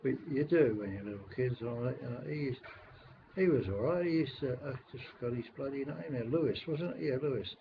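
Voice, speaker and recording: Rambling older Londoner on a webcam. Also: male voice, mid-range voice, quick pace, vocal fry, a little hiss or hum. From England. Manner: rambling, grumbling, swears mildly. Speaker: webcam caller. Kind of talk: casual webcam chat. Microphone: webcam microphone. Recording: dull lo-fi webcam audio.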